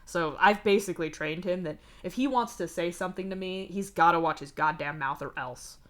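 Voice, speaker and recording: A woman's voice: lowish voice, fairly quick, close to an everyday voice. A woman reading as a sardonic, swearing young man. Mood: bitter. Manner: swearing, deadpan and wry. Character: sardonic, profane young man, blunt and weary. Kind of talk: live fanfic reading. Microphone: streaming mic.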